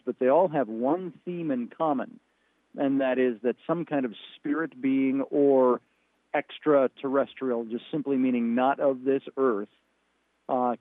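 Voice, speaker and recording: A man, a guest on a radio talk show, explaining earnestly over the phone and pausing with fillers. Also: medium pitch, no echo. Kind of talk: radio interview. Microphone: phone call. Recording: tinny phone line.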